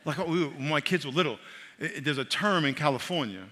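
A middle-aged male pastor preaching a sermon, animated and repetitive, often checking that his congregation is following along. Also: fairly high pitch, fast talker, a little hiss or hum. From New York. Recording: long reverb of a large hall.

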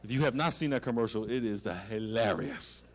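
A man preaching as a pastor, swinging from loud animated exhortation to a hushed prayer. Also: fairly low pitch, fairly quick, a little hiss or hum. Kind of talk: sermon.

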